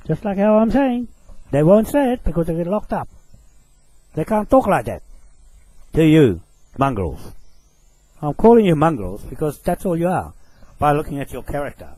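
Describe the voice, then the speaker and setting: A man's voice: high voice, warm tone, low-quality recording. A man delivering an angry, profane rant to camera. He accuses his target directly and repeats short phrases for emphasis.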